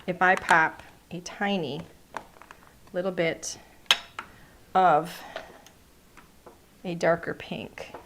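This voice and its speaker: Casting: chatty, playful woman craft-class host, slightly low voice, faint background hiss. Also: fairly even intonation, very slow, long pauses. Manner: chatty, playful, narrates each step. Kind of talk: live crafting demonstration.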